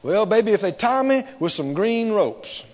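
A man's voice: high-pitched, sing-song, normal speed, darkish tone. A man voicing a strong man who lazily brushes off questions. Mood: offhand. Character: lazy, dismissive strong man. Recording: dull sound, long hall reverb.

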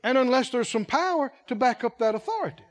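A man's voice: very high-pitched, animated, fast talker. A man preaching a sermon as head of a ministry, emphatic and repetitive, asking the congregation questions and acting out quotes.

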